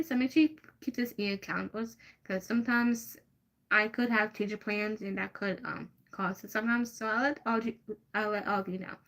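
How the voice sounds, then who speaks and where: A young woman hosting a casual livestream, answering viewers' questions and trailing off into frequent ums and repeated restarts. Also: medium pitch. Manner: rambling, hesitant, many fillers and restarts. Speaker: livestream host.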